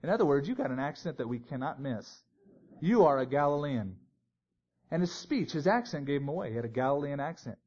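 A man's voice: a little high, expressive, brisk, darkish tone, husky. A man teaching a Bible sermon in a conversational way, with joking asides. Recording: dull lo-fi recording.

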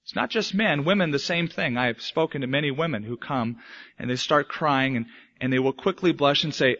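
A man preaching a sermon, swinging between hushed, slow lines and emphatic, raised ones. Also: a little high. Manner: dramatic swings between soft and emphatic delivery. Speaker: pastor. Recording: muffled lo-fi recording.

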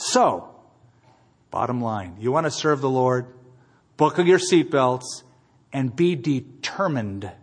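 A man preaching a sermon as pastor and leading a closing prayer, emphatic, moving between quiet and loud passages. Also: medium pitch. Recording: long hall reverb.

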